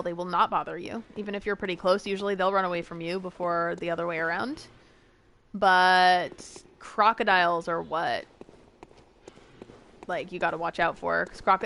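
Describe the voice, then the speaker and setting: A woman from the northern United States, a streamer chatting casually with viewers while playing a game, talking fast. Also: medium pitch, fairly bright tone.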